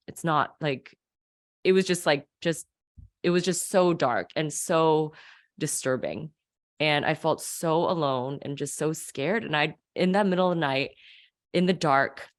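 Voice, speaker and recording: Woman, low voice, earnest emotional storytelling, interview guest. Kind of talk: personal faith testimony.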